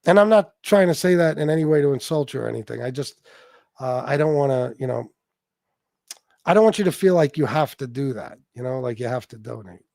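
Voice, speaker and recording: A man's voice: mid-range voice, lively intonation, brisk, vocal fry, darkish tone, dry recording. A man hosting a casual livestream chat, talking bluntly and swearing freely while reading out viewer names. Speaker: livestream host.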